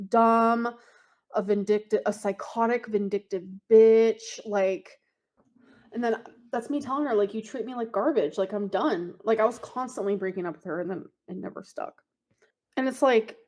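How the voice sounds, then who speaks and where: A woman's voice: mid-range voice, a little mellow. Rambling woman venting on a livestream. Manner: rambling, filler-heavy, reads text messages aloud quickly.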